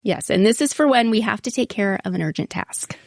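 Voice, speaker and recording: A woman co-hosting a marriage podcast, calmly explaining and steering the conversation. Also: mid-range voice, a little fast, dry recording, clean studio sound. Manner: steady, explanatory, steers the talk. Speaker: podcast co-host. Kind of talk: casual chat.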